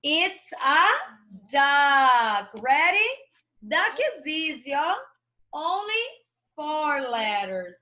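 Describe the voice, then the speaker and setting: A young Brazilian woman teaches English to young children, her voice high and bright. She talks very slowly, with a sing-song lilt, and spells each word out letter by letter. Her tone stays warm and encouraging throughout the lesson. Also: very animated. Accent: Brazilian Portuguese. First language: Portuguese.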